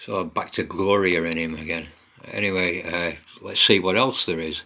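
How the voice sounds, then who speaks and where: A man's voice: sits low, moderate pace, gravelly, bright, forceful tone. A man giving blunt, mocking commentary on online posts, swearing a lot as he goes.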